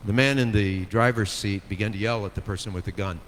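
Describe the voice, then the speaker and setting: A man preaching a sermon, telling a story with dramatic swings from hushed to soaring delivery. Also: fairly low pitch, fairly even intonation, fast talker, hardly any pauses. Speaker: pastor. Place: church sanctuary. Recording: long hall reverb, faint noise.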